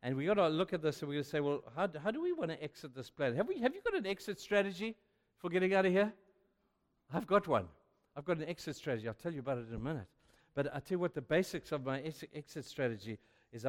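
An older man preaching a sermon, telling stories and acting out the dialogue with growing energy. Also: on the high side. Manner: animated, acts out dialogue in a rising voice. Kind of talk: sermon storytelling. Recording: long hall reverb.

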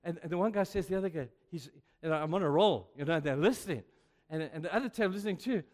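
Older guy preaching, bit high voice, big echoey hall, acts out conversations. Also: fast talker. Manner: animated, acts out dialogue in a rising voice. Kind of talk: sermon storytelling. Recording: long hall reverb.

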